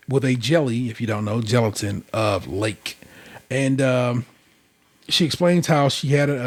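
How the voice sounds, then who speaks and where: A man hosting a casual podcast, recapping in a rambling, conversational way with lots of fillers. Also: medium pitch. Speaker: podcast host. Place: indoor room, recorded in person.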